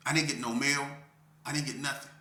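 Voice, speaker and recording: A man telling an emotional story of his past as an interview guest, talking intensely in street slang and repeating himself, swinging from near shouts down to a low voice. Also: steady tone, fairly quick, roomy sound. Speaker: interview guest recounting prison life.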